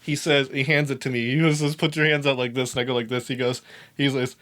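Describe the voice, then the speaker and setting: A young man telling a story in a casual, animated way, swearing often and laughing as he talks. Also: medium pitch, fast talker. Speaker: podcast host.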